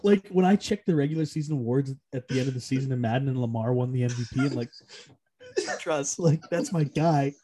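A young man co-hosting a sports podcast, chatting casually and excitably, laughing often. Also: medium pitch, rapid-fire, hardly any pauses. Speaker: podcast co-host. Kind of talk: casual chat.

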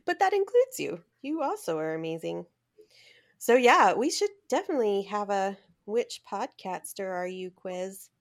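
A woman's voice: medium pitch, big pitch swings, normal speed. A woman hosting a podcast in a playful, joking manner, laughing often. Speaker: podcast host. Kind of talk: casual comedic chat.

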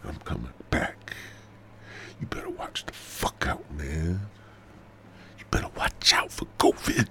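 A man voicing a menacing covid virus that taunts in a low, threatening whisper. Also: animated, unhurried, vocal fry, pauses often, a bit bright, exaggerated voice.

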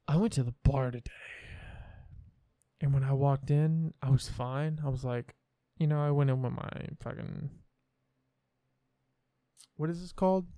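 A man's voice: mid-range voice, unhurried, long pauses, warm tone, no room sound. A young man from the American Midwest, hosting a podcast and telling a story in a rambling, profane, self-assured way. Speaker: podcast host. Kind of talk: casual storytelling chat.

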